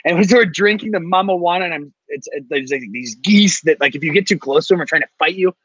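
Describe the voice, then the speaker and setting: Chatty man with a slightly high, dull voice. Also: quick pace, husky, no room sound. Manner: animated storyteller, filler-heavy. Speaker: guest, co-host of a cigar show. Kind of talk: casual chat.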